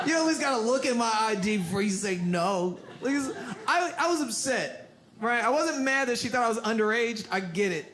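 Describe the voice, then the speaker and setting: A young man performing stand-up comedy in a club, telling an animated story and acting out characters. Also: very high voice. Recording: live club with loud crowd laughter and noise.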